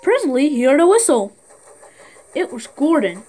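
A woman's voice: high voice, sing-song, normal speed, dark tone, faint music behind. A woman narrating a train story for a fan redub, reading plainly with small slips.

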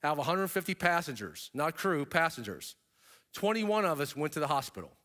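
Animated man telling a survival story on stage. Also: brisk. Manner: animated storyteller, pitch jumping up for emphasis; casual asides to the audience. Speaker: keynote speaker. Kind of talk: motivational keynote storytelling. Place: stage before an audience.

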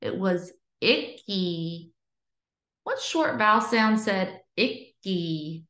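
A woman teacher leads a phonics lesson for small children in a bright, clear voice, stretching each sound out very slowly. She praises every answer warmly, and the room around her has a noticeable echo. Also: a little high, sing-song. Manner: slow, drawn-out sounding of words, encouraging praise.

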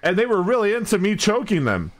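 Young adult male streamer, lively and foul-mouthed, raised pitch with wide swings. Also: quick pace. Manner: animated, heavy swearing. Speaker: live streamer. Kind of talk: casual storytelling to chat.

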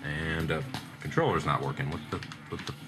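Low-voiced young man joking over gameplay. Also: brisk. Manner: joking, profane, sarcastic. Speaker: let's play gamer. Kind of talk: casual gameplay commentary. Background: game music.

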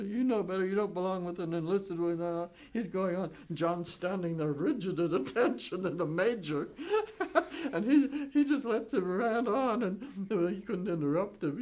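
An elderly woman in her nineties recounting wartime memories for an oral history interview. She chuckles between sentences and loops back with fillers and restarts. Her voice sits at an ordinary pitch for a woman. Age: 90s. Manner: chuckles often while telling lively anecdotes; rambling with frequent restarts and fillers. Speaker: WWII veteran interviewee.

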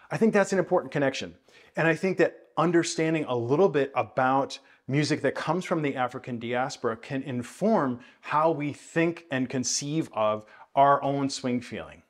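A man teaching jazz bass in a video lesson, explaining thoughtfully with many hedges and counting and scatting rhythms aloud. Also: normal speed. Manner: thoughtful, hedging explanations with frequent "I think".

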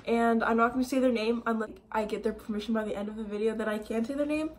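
A woman's voice: a little high, steady tone, fast, slight background noise. A woman vlogging in a casual way, nervous and giggly, with lots of filler words. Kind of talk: casual vlog talk.

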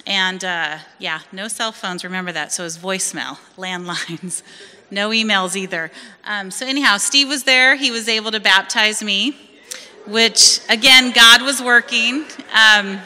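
A woman in her forties from California tells her personal testimony at a church service. She speaks in a lively storytelling way and acts out the people she quotes. Her voice is very bright and sharp, and it rings with a long reverb from the church hall around her. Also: mid-range voice, measured pace. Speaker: church member giving testimony.

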